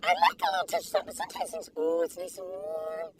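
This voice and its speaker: A woman taste-testing food in a casual vlog, talking in an excitable, giggly, gushing way. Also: very high voice, fast. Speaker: food reviewer. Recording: distant mic with faint background noise.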